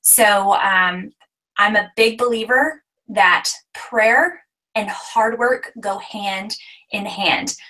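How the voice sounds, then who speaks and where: A woman in her thirties, speaking as a guest on a team conference call, gives an earnest testimony rooted in faith. Her mid-range voice is bright and forceful, and she speaks slowly, sounding distant over the call line.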